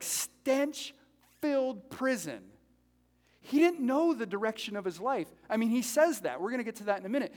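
Animated high-voiced male pastor preaching. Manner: animated, conversational, jokes with congregation. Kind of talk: sermon. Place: church sanctuary. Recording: reverberant hall.

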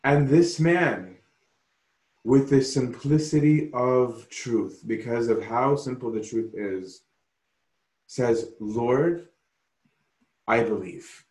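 A man preaching a sermon slowly and emphatically, often pausing to ask "right?". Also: mid-range voice, a little mellow, reverberant. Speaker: pastor.

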